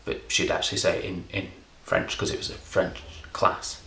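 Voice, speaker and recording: A middle-aged man from England, a comedy magician, rambling through a deadpan, self-deprecating monologue. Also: sits low, normal speed, creaky, reverberant, a little hiss or hum.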